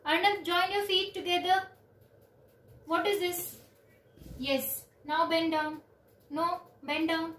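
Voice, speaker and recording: A woman, teaching children yoga on a video call with slow, clear instructions and counting. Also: extremely high pitch, fairly even intonation, fairly bright tone. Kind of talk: online yoga class for children. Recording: roomy, distant from the mic.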